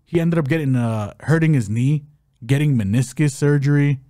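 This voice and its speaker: A man's voice: on the high side, normal speed, no echo, clean studio sound. Joking, upbeat podcast co-host man. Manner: animated, joking, hype-announcer asides. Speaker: podcast co-host, fight betting analyst. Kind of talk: casual sports betting chat.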